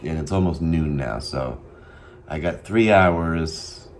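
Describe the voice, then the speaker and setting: A man talking casually to camera in a daily vlog, rambling and thinking aloud with frequent pauses and ums. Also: a bass voice, slight background noise. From Massachusetts. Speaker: vlogger.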